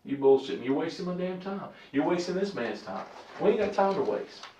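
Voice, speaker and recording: A man's voice: high-pitched, expressive, fairly quick, darkish tone. A man interrogating a suspect as a police detective, blunt, confrontational and full of profanity. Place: interrogation room. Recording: echoey, muffled room recording from a distant mic.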